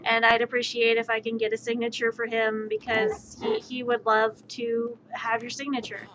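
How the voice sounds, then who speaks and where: A woman's voice: on the high side, normal speed. A young woman streamer telling a story casually and animatedly, slipping into voices for the people in it. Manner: animated, acts out voices in anecdotes. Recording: muffled stream audio with faint noise.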